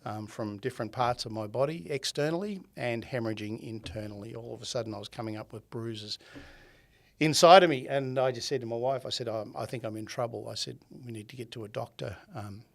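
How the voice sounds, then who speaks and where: Older Australian man telling a lively story. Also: mid-range voice, a little fast, creaky. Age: 70s. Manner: animated storyteller who acts out quoted dialogue and laughs often. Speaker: podcast guest, laughter yoga founder. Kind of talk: conversational storytelling.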